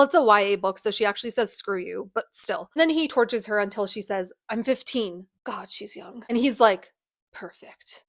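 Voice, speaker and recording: A woman's voice: medium pitch, no room sound, clean studio sound. A woman giving a casual, comedic book recap, sarcastic and profane with chatty asides. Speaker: book youtuber. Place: indoors at home.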